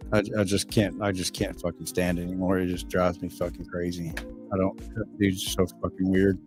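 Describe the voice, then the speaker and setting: A middle-aged man, hoarse and losing his voice. He chats casually on a livestream and reads viewer comments, rambling, swearing freely, and stumbling over repeated words. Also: low voice, little pitch movement, fairly quick, over music. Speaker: livestream host.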